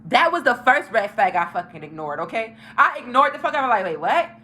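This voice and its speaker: A young woman with a fairly high voice talks fast and straight to the camera in a casual storytime for her viewers. She's animated and profane as she tells her story.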